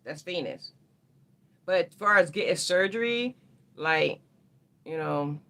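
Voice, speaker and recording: Woman, livestream astrology host, casual and rambling, gravelly with a sharp brightness. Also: low voice. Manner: slangy, rambling, talks straight to viewers.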